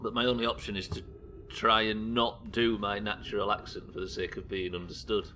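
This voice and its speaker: Young male game streamer from the UK, low but bright and forceful voice, loose self-mocking banter with chat, casual swearing. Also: flat delivery, fairly quick, slight background noise. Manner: rambling and self-deprecating, swears casually, reads chat aloud. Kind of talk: live gameplay commentary chatting with viewers.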